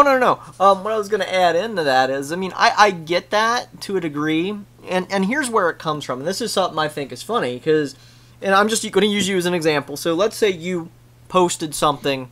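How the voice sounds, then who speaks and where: High-voiced man, bright and earnest. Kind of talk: casual podcast chat.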